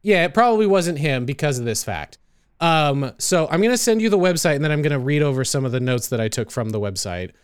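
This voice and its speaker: A man's voice: on the high side, big pitch swings, quick pace, clear, resonant tone, no echo. A young man hosting a casual podcast chat, reading from his notes with lots of fillers and laughs. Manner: reads notes aloud, chatty with fillers and laughs. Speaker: podcast host presenting the story.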